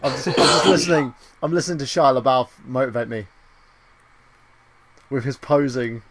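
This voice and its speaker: A man's voice: mid-range voice, fairly even intonation, normal speed, a bit bright. A man hosting a casual podcast chat, crude and joking, often mimicking voices. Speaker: podcast host. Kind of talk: casual chat about movies and games.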